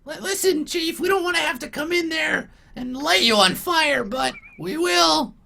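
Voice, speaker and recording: Squeaky goblin sidekick, yelling big then going all unsure. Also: male voice, animated, moderate pace, vocal fry, heavily acted. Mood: blustering. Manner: shrill, shouting then wavering. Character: nervous high-voiced goblin lackey, eager and unsure.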